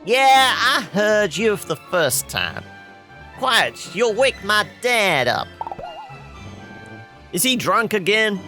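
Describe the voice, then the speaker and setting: A weary, snappish young girl answers in short, clipped lines, as a man voices her for a video game. The voice is pitched far above a man's natural range and drags slowly. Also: sharp tone, full character voice. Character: weary, snappish girl tending a drunk dad.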